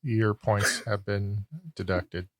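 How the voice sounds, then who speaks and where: A man's voice: lowish voice, level tone, takes it slowly, no echo. A man hosting a casual podcast trivia game, reading out questions and scores and teasing players in a dry, wry way. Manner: dry, wry, explains things loosely with fillers. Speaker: quizmaster host.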